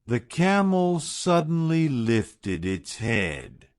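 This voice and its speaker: Man, storyteller, graded reader narration, very slow, lively pitch, dry sound. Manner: slow, clear, deliberate reading.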